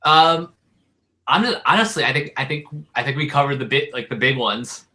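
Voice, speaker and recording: A man's voice: mid-range voice, animated, normal speed, bright, forceful tone. A man co-hosting a casual fan chat, hesitant, with short agreeing replies. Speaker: co-host.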